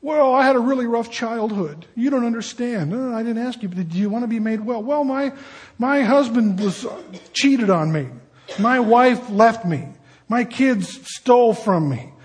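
A man's voice: extremely high pitch, lively intonation, moderate pace, big-room sound. A man preacher voicing a whiny, self-pitying man who lists excuses and grievances. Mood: whining. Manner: complaining, exasperated, piling up grievances. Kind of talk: sermon illustration.

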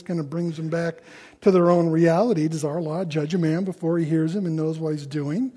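A man preaching a sermon in a conversational way, acting out the people he quotes in louder voices. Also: a little high, fairly even intonation, brisk, husky. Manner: conversational, acts out quoted voices with rising loudness.

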